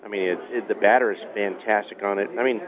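Brief: quick, low-voiced male radio sidekick, phone-like sound, crowd behind him. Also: steady tone. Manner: rapid, says "I mean" often. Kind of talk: casual on-air food chat. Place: busy restaurant. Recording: tinny phone-line sound with crowd noise.

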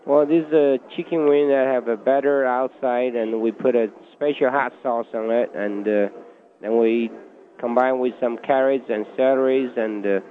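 A man's voice: medium pitch, steady tone, normal speed, slight background noise. Plain-spoken restaurant owner man. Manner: simple phrasing, eager agreement. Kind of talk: on-air interview. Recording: phone-like narrow band.

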